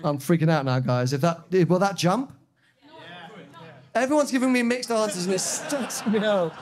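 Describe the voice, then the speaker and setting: A man co-hosting a live podcast, telling stories in an animated, joking way before an audience. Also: sits high, normal speed. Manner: excitable storyteller, animated and joking. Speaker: podcast co-host.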